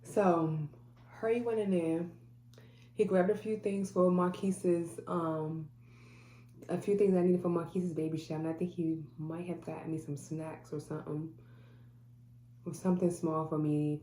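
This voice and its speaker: A woman's voice: deep voice, flat delivery, moderate pace, dark tone. A woman telling a personal story to camera in an earnest way, acting out what others said. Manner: earnest, quotes people in dialogue. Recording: echoey room with faint hum.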